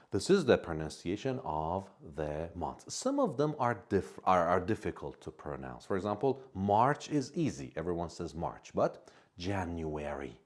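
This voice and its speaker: A man teaching English to beginners, patiently saying each word slowly and repeating it for learners to copy. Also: low-pitched, big pitch swings. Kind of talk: slow, step-by-step language lesson.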